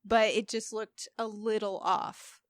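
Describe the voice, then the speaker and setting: Animated woman podcast co-host, dry sound. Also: medium pitch, takes it slowly, no echo. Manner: animated, teasing storyteller. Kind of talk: casual chat.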